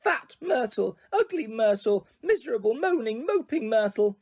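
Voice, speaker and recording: A man's voice: extremely high pitch, very animated, moderate pace, darkish tone, voice pushed up, heavily acted. A man voicing a sulky, tearful ghost girl. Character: gloomy, sulky ghost of a schoolgirl.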